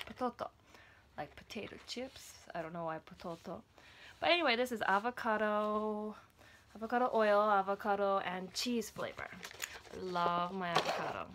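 Woman, casual snack review vlog, mid-pitched voice, chatty, talks to her toddler, noisy home recording. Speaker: vlogger.

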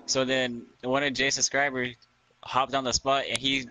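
A man's voice: medium pitch, fairly even intonation, moderate pace, background noise. A young man chatting casually with friends while gaming, telling stories in a laid-back way. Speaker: gamer.

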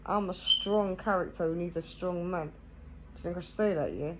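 A woman's voice: fairly low pitch, normal speed, noisy background. A woman, chatting casually to camera, tagging nearly every phrase with "yeah?" and laughing between thoughts. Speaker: vlogger.

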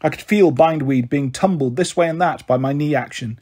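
A man reading a children's novel aloud as a storyteller, gentle and shifting his voice for each character. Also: moderate pace, husky. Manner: gentle, voices the characters with raised and lowered pitch. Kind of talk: audiobook narration of a children's novel.

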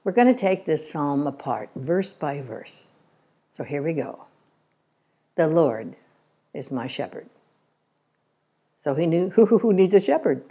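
An older woman giving an inspirational talk on scripture, telling stories with gentle humor in a conversational way. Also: low-pitched, lively intonation, normal speed, breathy edge. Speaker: Christian Science lecturer. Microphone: remote recording.

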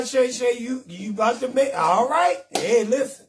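Brash high-voiced comedian hosting live. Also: male voice, moderate pace, slight background noise. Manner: brash, profane, animated, talks straight to viewers. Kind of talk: loud comedic live-stream rant.

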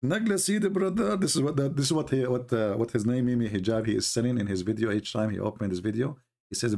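A man hosting an online talk, speaking as an in a mocking, sarcastic way with lively storytelling. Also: medium pitch, normal speed, creaky. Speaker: online debate host. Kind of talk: casual live-stream commentary.

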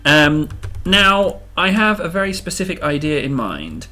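A man's voice: fairly high pitch, sing-song, unhurried, pushed and bright. A man hosting a game video, giving casual, self-amused commentary and thinking aloud as he builds.

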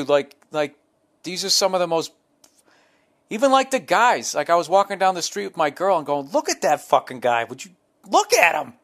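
A man's voice: on the high side, fairly bright tone. A middle-aged man, hosting a solo podcast, telling profane, rambling comic stories. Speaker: podcast host.

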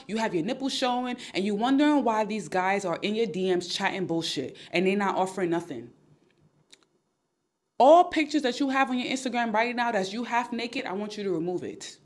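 A Nigerian woman hosting an advice podcast, emphatic and straight-talking, repeating her points. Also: medium pitch. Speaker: podcast host.

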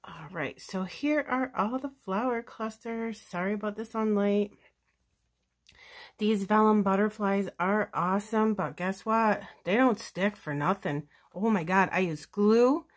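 A woman's voice: mid-range voice, a little slow. A woman chatting casually through a scrapbooking tutorial, gushing and thinking aloud as she works. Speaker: scrapbooking crafter demonstrating a layout. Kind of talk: casual craft tutorial chat.

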